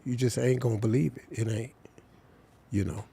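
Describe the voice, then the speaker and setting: An older man with tells a personal story as an interview guest. His gravelly voice sits at an ordinary pitch, and he talks slowly and heartfeltly, sometimes falling almost silent. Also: steady tone, mellow. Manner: slow, heartfelt, drops to near silence at emotional points. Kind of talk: emotional storytelling.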